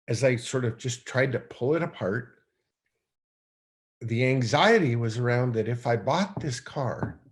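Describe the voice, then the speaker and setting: A middle-aged man, a podcast guest, telling a personal story in a rambling, animated way with many restarts. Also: medium pitch, creaky. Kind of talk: storytelling in conversation.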